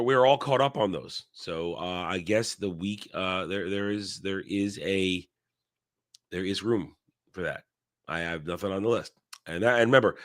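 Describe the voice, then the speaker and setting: A man with a fairly low voice hosts a casual live stream while sick, his voice strained and tired. He rambles, restarts and stops to cough. The sound is dry and close. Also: fairly bright tone, no room sound. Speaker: host.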